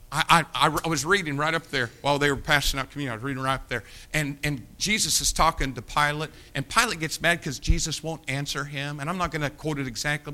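A man preaching a sermon, swinging between loud, shouted stretches and quiet, hushed appeals. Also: a little high.

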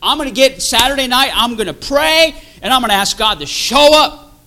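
A pastor preaching in an emphatic, conversational way, hammering phrases again and again. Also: male voice, very high-pitched, lively intonation, normal speed, sharp tone, poor audio. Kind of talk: sermon.

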